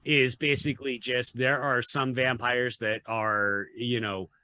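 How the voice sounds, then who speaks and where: A man's voice: mid-range voice, level tone, measured pace, sharp tone, no room sound. A man co-hosting a podcast, working through arguments about films in a casual way, with occasional swearing. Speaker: podcast co-host. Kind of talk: casual film discussion.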